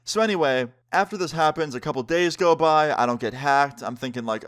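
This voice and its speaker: A man's voice: a little high, a little fast, a bit bright, smooth. A man telling a story time on his vlog, casual and joking, swearing freely. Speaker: vlogger.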